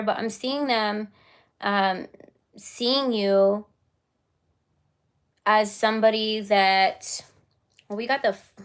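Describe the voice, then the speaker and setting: A woman's voice: on the high side, fairly bright tone. A woman giving a casual live-stream tarot reading, chatty and giggly with lots of fillers.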